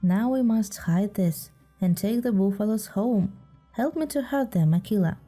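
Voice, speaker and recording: A woman's voice: mid-range voice, lively intonation, moderate pace, warm tone, soft background music, natural voice. A woman reading aloud voices a proud wild boy raised by wolves, speaking in a commanding, scornful way.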